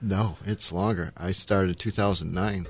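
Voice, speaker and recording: A man's voice: low voice, steady tone, a little slow, dry recording. A man who is a guest on a radio talk show, talking in a plain, matter-of-fact way. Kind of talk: casual chat.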